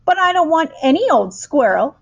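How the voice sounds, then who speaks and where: Woman doing a spoiled bratty little girl, super high, whiny and shouty, storybook read-aloud. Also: sing-song, normal speed, creaky, heavily acted. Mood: whining demand. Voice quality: shrill and demanding.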